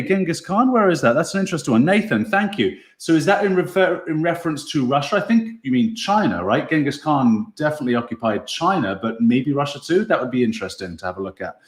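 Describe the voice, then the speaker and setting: An easygoing man hosts a casual online talk show, thinking aloud over viewer comments and chuckling often. His voice sits at a middle pitch and carries a noticeable room echo. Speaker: podcast host.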